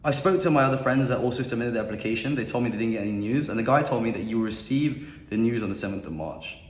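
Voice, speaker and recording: A young man with a mid-pitched voice tells his story in a casual, rambling and confident way. He sounds like he is in a roomy space with a long reverb tail. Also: fast. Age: young adult. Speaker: podcast guest. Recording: echoey room with long reverb.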